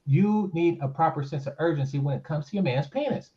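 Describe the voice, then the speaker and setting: A man's voice: on the high side, brisk, muffled recording. A man debating crudely and bluntly, in mock outrage, as co-host of a talk show.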